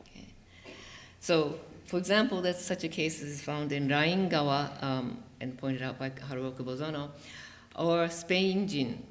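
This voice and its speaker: A conference presenter giving an academic talk in a university lecture room, speaking in a measured, explanatory way with frequent um and uh fillers. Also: mid-range voice, steady tone, slight background noise. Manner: explanatory, spells out examples.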